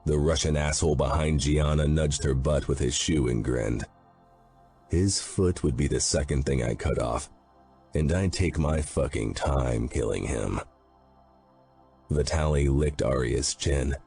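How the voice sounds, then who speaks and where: A man's voice: very deep voice, unhurried, vocal fry, dark tone, soft background music. A man narrating a first-person audiobook in a grim, intense manner.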